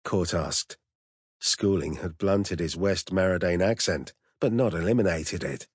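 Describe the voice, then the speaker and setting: A man narrating an audiobook in a steady, measured storytelling voice. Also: low voice, husky, dry recording, clean studio sound. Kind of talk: scripted narration.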